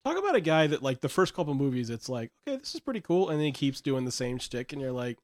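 A man's voice: medium pitch, sing-song, quick pace, dry recording. A man visiting a podcast as a guest, talking in casual chat with dry, wry teasing.

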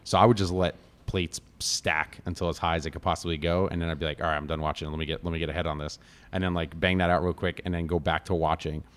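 Deep-voiced guy from connecticut, chef, rattles off kitchen stories quick. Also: clear, resonant tone. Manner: animated storyteller, acts out quotes. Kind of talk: casual chat.

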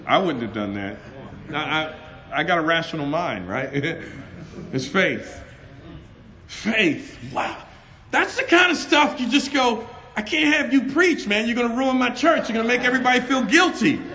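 A middle-aged man preaching a sermon, loud and animated, telling stories and laughing between them. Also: high voice, moderate pace. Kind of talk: lively storytelling sermon.

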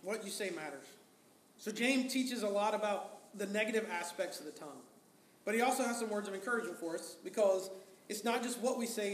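A man preaches to his congregation in a loose, conversational way, firing off rhetorical questions and slipping into quoted lines. His voice sits high for a man. The sound rings in an echoey church hall with a faint hiss underneath. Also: a little fast, fairly bright tone. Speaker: pastor. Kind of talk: sermon.

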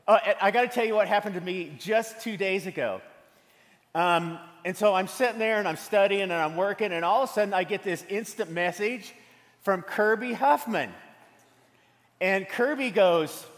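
A pastor preaches a sermon in a church sanctuary, weaving jokes and stories into his message with humor. His voice is high-pitched and fairly bright, at a moderate pace. Long hall reverb from the sanctuary fills the recording.

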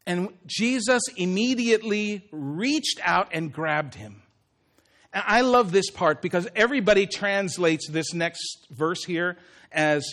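High-voiced male pastor preaching. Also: expressive, slow, fairly bright tone. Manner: conversational preaching, acts out Jesus' words. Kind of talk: sermon. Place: church.

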